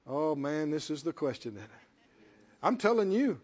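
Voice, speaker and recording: A man's voice: on the high side, sing-song, normal speed, a little mellow, breathy edge. A man preaching a sermon in an emphatic, folksy way, repeating himself for effect. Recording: lo-fi with long hall reverb.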